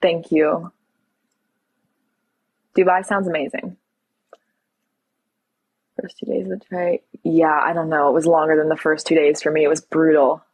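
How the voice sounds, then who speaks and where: A woman's voice: deep voice, flat delivery, unhurried, pauses often, darkish tone, breathy edge, dry recording, lo-fi sound. A young woman from Toronto hosting a casual live stream, reading viewer questions aloud and answering them candidly. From Toronto, Canada. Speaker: livestream host.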